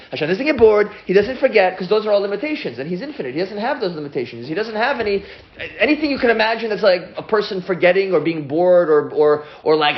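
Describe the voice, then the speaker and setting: A man teaching a lively class as a rabbi at a whiteboard, excitable and often stopping to restart his sentences. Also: sits high, fast talker, reverberant, muffled recording. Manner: excitable, self-interrupting, stumbles over restarts.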